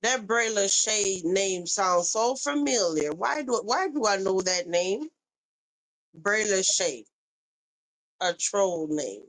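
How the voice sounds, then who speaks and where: A woman's voice: mid-range voice, lively intonation, slow pace, fairly bright tone, low-quality recording. A woman hosting a casual live-stream chat, asking questions and recalling earlier remarks. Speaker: commentary show host.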